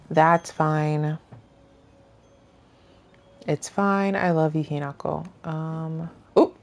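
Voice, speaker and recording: A woman streamer chatting casually over her gameplay, rambling and often trailing off into soft murmurs. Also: lowish voice, creaky. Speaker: gaming streamer.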